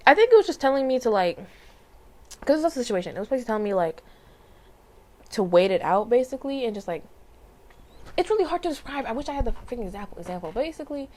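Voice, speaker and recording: A woman's voice: on the high side, very animated, fast, pauses often, warm tone. A young adult woman telling a personal story in a casual vlog, rambling with lots of fillers, restarts and small laughs. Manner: rambling, filler-heavy, frequent self-corrections and laughs. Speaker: vlogger.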